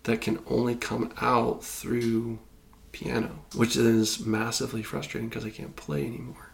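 A man's voice: mid-range voice, measured pace, gravelly. A man who is a podcast guest, thoughtfully sharing how he carries a frustrating loss in his faith. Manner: thoughtful, searching, speaking with frustration about loss. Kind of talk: reflective personal testimony.

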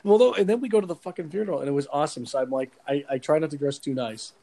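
A man's voice: a little high, racing, mellow, poor audio. A man spins a profane story for his podcast co-hosts. His voice sits a little above the usual male range, and he keeps laughing as he talks. It is loose, unfiltered banter. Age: 40s. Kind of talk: casual chat with profane storytelling.

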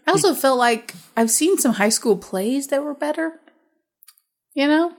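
A woman co-hosting a casual movie review chat, frank and dismissive, talking in quick animated bursts. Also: high-pitched. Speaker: podcast co-host reviewing a movie.

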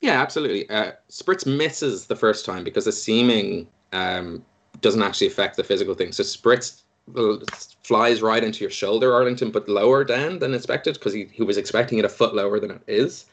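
A man's voice: fairly low pitch, fairly quick. A man running a tabletop game as game master, describing the scene in a loose, descriptive way.

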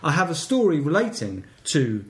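A man's voice: a little high, wildly swooping pitch, moderate pace, a bit bright, reverberant. A man co-hosting a casual comedy podcast, reading local news aloud with dry puns. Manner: wry, reads stories aloud with puns. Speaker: podcast co-host.

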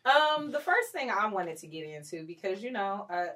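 A woman co-hosts a podcast in relaxed, playful chat. She laughs easily and drifts into quick asides. Her voice sits a little back from the microphone. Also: mid-range voice, distant mic. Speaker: podcast co-host. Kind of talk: casual chat.

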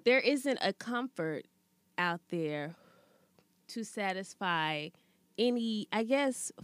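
A woman co-hosting a casual chat, telling stories animatedly and often breaking into high laughter. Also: expressive, slow, clear, resonant tone, no room sound.

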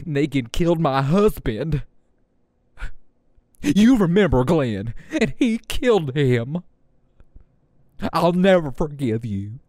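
A man's voice: fairly high pitch, very animated, takes it slowly, pauses often, darkish tone, dry recording, clean studio sound. A man mocking a whiny TV-drama woman. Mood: mocking whine. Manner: exaggerated mocking whine.

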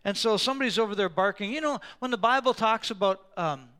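Male pastor, high voice, smooth and resonant, lively storyteller who booms at key points. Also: fast. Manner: animated storytelling, sometimes roaring for emphasis. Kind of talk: sermon.

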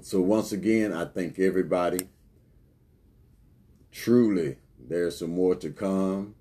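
A man hosting a podcast in an earnest, unhurried, thankful way. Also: low voice, dark tone, slightly rough. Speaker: podcast host. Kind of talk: casual podcast talk.

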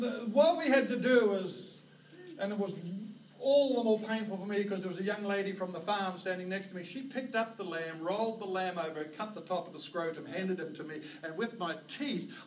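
A high-voiced man with a New Zealand accent preaching a sermon from a stage. He tells stories with animated energy and sometimes shouts out herding calls. The sound is roomy and distant, with a faint hiss behind it. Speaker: pastor. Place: church auditorium. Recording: roomy, distant hall mic with faint noise.

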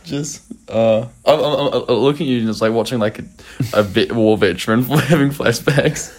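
A man's voice: medium pitch, normal speed. A young man co-hosting a podcast, rambling through stories in casual chat, swearing and laughing often. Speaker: podcast co-host.

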